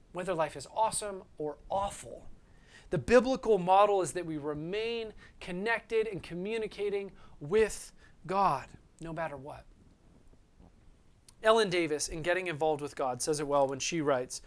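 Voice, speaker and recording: A man preaching a sermon as a pastor. He talks earnestly, keeps checking in with "right?", and sometimes drops to a soft, near-whispered voice. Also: sits high.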